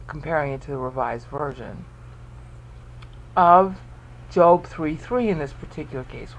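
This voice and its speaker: A man's voice: high-pitched, poor audio. A man presenting a Bible study video lecture, explaining step by step and often checking in with the listener.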